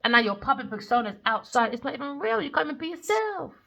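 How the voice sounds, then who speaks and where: A woman's voice: high-pitched, sing-song, fast talker, creaky, pushed and bright. Heated, sweary woman ranting as a tarot reader. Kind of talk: ranting casual monologue.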